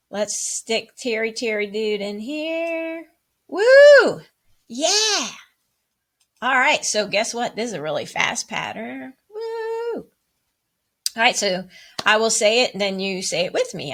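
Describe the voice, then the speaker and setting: A woman's voice: big pitch swings, measured pace, a bit bright. A woman music teacher leading a playful online rhythm lesson for children, cheering often and chanting rhythm syllables and counts. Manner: bubbly and playful, with high whoops and cheers.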